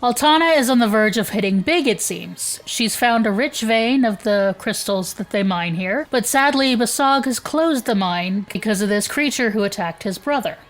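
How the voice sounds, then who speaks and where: A woman's voice: a little high, normal speed, few pauses. Laughing woman podcast co-host. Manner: laughs often, lively. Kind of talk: casual chat and read episode summary.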